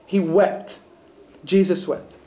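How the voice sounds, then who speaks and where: A man's voice: high voice, steady tone, takes it slowly, dark tone. Earnest man reading scripture, echoey room. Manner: earnest, reflective, builds to emphatic moments. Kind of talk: scripture reading with sermon commentary.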